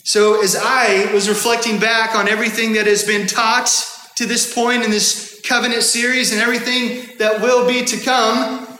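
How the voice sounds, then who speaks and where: High bright-voiced pastor preaching in echoey church. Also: male voice, level tone. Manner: earnest, measured preaching with repeated emphatic phrases. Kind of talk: sermon. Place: church sanctuary. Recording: echoey church hall with long reverb.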